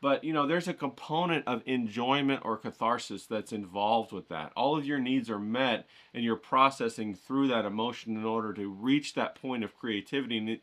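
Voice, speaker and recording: Hosting his art channel, a man with a pushed, bright mid-range voice offers drawing tips amid casual vlog talk. His manner is folksy and loose, full of rambling and jokes.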